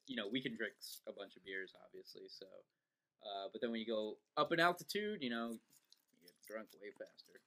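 A young man from New York co-hosting a podcast, laid-back and quick to laugh in casual chat. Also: lowish voice, lively intonation, sharp tone. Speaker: podcast co-host.

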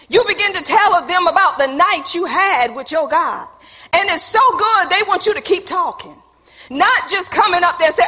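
High bright woman preaching in a hall. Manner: call-and-response, playful and emphatic. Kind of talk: sermon. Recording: echoey hall with long reverb.

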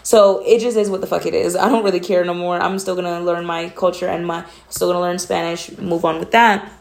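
A young woman from Atlanta hosts a relaxed solo podcast episode. Her voice sits a little low for a woman. She speaks bluntly and candidly, in a straight-to-the-point, matter-of-fact way. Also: fairly quick, vocal fry. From Atlanta, USA. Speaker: podcast host. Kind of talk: casual solo talk.

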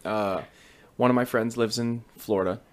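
A man co-hosting a podcast, telling stories in casual chat with halting restarts. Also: mid-range voice, fairly even intonation. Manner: halting, repeats words and restarts. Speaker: podcast co-host.

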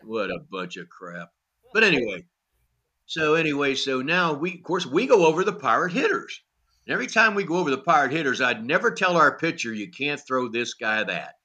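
A former pitching coach, an older man with a mid-range voice, recounts salty, blunt stories while guesting on a podcast. Each exchange gets acted out in animated fashion, heavy on "you know."

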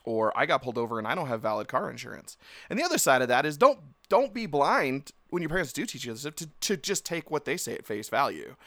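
A man's voice: mid-range voice, very animated, fast talker, fairly bright tone, no echo. A man in his thirties hosting a solo podcast, ranting bluntly and swearing casually. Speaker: podcast host.

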